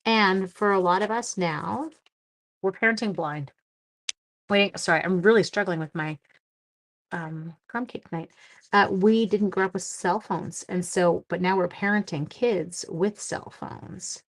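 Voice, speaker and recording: A woman's voice: mid-range voice, a little slow. A woman in her forties hosting a casual craft live stream, chatting to viewers by name as she colors. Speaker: livestream craft host. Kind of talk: casual live stream chat while card making.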